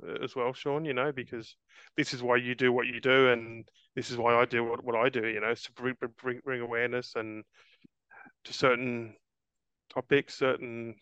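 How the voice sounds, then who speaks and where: A man's voice: medium pitch, fairly bright tone, clean tone, no echo, highs cut off. Earnest stammering man in his forties. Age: 40s. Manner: earnest, repeats words and restarts often, calls the host mate. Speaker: interview guest. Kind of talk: casual interview chat.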